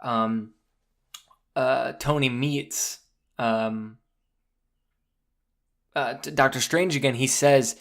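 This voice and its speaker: A man hosting a podcast, excitedly recapping a movie in casual chat, swearing and saying "dude" a lot. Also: medium pitch, slow pace, long pauses. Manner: animated, swears freely, says "dude" often. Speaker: podcast host.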